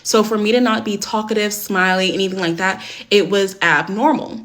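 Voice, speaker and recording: A woman's voice: medium pitch, steady tone, moderate pace, fairly bright tone. A young adult woman telling a personal story to camera in a casual storytime vlog, candid and blunt, swearing often and filling with "like". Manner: candid, heavy swearing, many "like" fillers.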